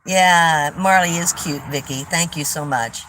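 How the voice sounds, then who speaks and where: A woman's voice: sits low, unhurried, fairly bright tone, a little hiss or hum, low-quality recording. A woman in her seventies, hosting a live stream and telling a story in a rambling, chatty way, laughing often. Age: 70s. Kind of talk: casual storytelling chat.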